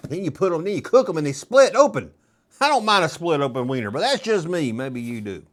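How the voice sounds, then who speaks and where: Middle-aged man, toy collector vlog, rambling and jokey, high voice, bouncy delivery. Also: sing-song, a little fast. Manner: rambling, joking, nostalgic asides. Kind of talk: casual show-and-tell vlog.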